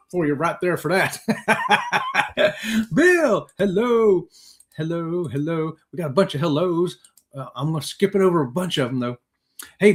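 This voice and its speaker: A man with a drawl hosts a relaxed livestream, chatting folksily and calling out viewers one by one. His voice sits a bit higher than most men's. The sound comes through a computer mic. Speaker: host. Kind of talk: casual livestream chat.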